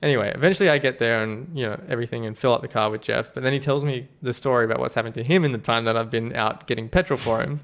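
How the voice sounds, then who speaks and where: A young man tells a story on a podcast. He rambles in casual chat, fills it with "like", and often laughs at himself. His voice sits in a middle pitch with a gravelly edge. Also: fairly even intonation, very fast, few pauses, a bit bright. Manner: rambling anecdotes full of "like" fillers, laughs at his own stories. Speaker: podcast co-host.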